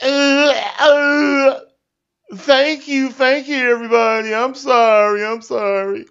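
A man's voice: very high voice, steady tone, takes it slowly, a bit bright, clean tone, highs cut off, voice pushed up, full character voice. A man impersonating a tearful, self-pitying man who pleads and apologizes, in a satirical rant. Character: tearful whining man, sorry for himself.

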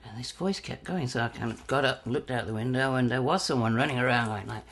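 Brief: English man, fifties, gravelly voice, animated storyteller in an interview. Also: medium pitch, quick pace, a little hiss or hum. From England. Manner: animated, acts out quoted voices. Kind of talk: anecdotal storytelling.

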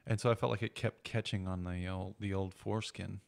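A man's voice: sits low, steady tone, brisk, vocal fry. A man speaking candidly and matter-of-factly in a casual podcast chat.

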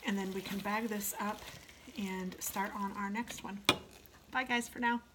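A cooking vlogger chats with her viewers in a relaxed way while cooking in her home kitchen, humming now and then. Her medium-pitched voice is unhurried, with loud kitchen noise behind her.

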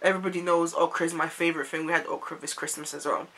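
A young woman, from an Ivorian family, telling a story to camera in a chatty, animated way full of "like"s. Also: low-pitched, rapid-fire. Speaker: vlogger.

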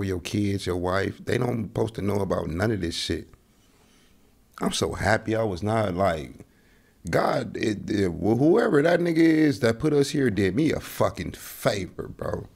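Низкий хриплый мужской голос, прямолинейный. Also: male voice, low-pitched, creaky, darkish tone. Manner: blunt, profane, joking. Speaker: podcast host reacting to a video. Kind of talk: reaction commentary.

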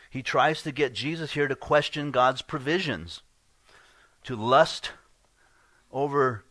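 A male pastor giving a sermon in an earnest teaching tone, often clearing his throat and restarting phrases. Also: medium pitch, a bit bright, no echo. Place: church.

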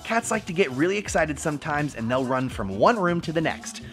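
Male vlog host, casual pet-care tips, animated and playful delivery, voice swoops widely, soft music faint underneath. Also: a little high, fairly quick. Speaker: dog trainer vlogger.

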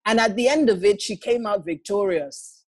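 A man in his forties speaks gently and earnestly as he introduces a poem on an online call. He sounds reflective and unhurried. The sound is dry and close. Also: high-pitched, slightly rough, no room sound. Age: 40s. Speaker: priest and poet. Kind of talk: casual introduction before a reading.

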